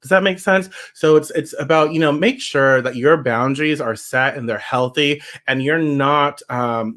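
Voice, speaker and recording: A man's voice: fairly high pitch, fairly bright tone. A man giving a casual livestream tarot reading, chatty and emphatic, reacting to viewer comments as he goes. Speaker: tarot reader.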